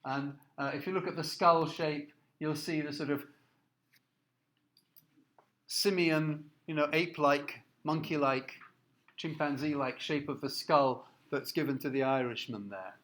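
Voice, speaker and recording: A man lecturing from slides with a fairly high voice for a man. He speaks haltingly, with frequent fillers and restarts, and points his listeners toward the images. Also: fairly even intonation, a bit bright. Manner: explanatory, asks listeners to look at slides. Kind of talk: recorded lecture.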